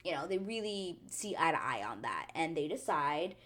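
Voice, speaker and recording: A woman hosting a chatty reality show recap, animated and quick to act out the people she talks about. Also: low-pitched. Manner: animated, chatty, drops into quoted voices. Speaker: TV recap vlogger.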